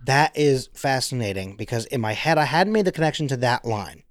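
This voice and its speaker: Man, podcast co-host, casual chat, rambling with fillers, mid pitch, dry recording. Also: expressive, brisk, no room sound. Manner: rambling, filler-heavy, acts out quotes.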